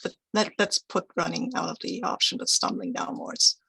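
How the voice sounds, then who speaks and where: A woman plays a tabletop role-playing game, rambling and hesitating as she explains things in character. Her voice is fairly low and gravelly, and the sound is dry and close. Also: big pitch swings, moderate pace, pushed and bright, no room sound. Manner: rambling, hesitant, full of fillers. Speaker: player. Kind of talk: casual in-character play.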